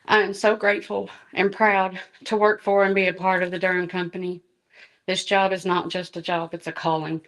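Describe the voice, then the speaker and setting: A woman's voice: fairly low pitch, little pitch movement, normal speed, a bit bright. Woman, middle-aged, earnest public comment, emotional, reading notes. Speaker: school bus driver and safety trainer. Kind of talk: public comment at a board meeting.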